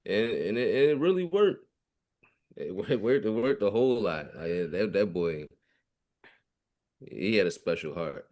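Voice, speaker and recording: A father answering a podcast interviewer in a casual, halting way, often repeating words as he reflects on his son. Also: lowish voice, lively intonation, a little mellow.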